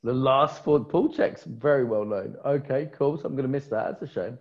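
A man's voice: mid-range voice, moderate pace, gravelly. Playful man with dull lo-fi sound. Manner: playful, joking asides. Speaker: conference co-host. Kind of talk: casual chat.

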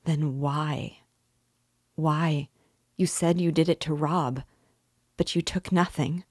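A woman reading the lines of a timid, compassionate young woman who pleads quickly. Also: low-pitched, fairly even intonation, a little mellow, breathy edge, dry recording, studio quality, heavily acted. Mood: pleading. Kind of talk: audiobook reading.

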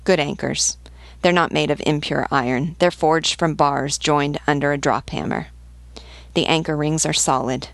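A woman reading as a brisk officer reporting. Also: deep voice, fairly even intonation, gravelly, no room sound. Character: dutiful male officer giving a report.

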